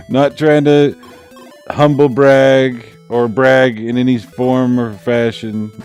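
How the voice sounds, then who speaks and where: A man's voice: medium pitch, flat delivery, slow, a little mellow. A middle-aged man streaming a game in casual chat, laid-back and chuckling at himself. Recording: faint game music behind.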